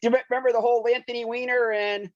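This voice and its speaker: A man's voice: very high voice, little pitch movement, very fast, background noise. A man co-hosting a podcast, quizzing the others and telling stories in casual chat. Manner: quizzing others, storytelling with restarts. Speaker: podcast co-host. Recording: dull dry lo-fi recording.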